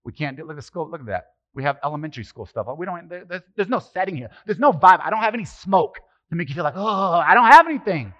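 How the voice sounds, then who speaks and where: A middle-aged man preaching a casual, conversational sermon as pastor, animated and joking, throwing rhetorical questions at the congregation. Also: fairly high pitch, fast talker, few pauses. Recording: slightly muffled, dry sermon recording.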